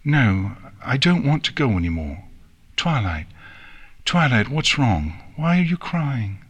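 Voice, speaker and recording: A man reading an audiobook and voicing a small frightened filly pony with a high, wavering, tearful voice. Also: sing-song, slow pace, breathy edge, highs cut off, exaggerated voice. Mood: pleading.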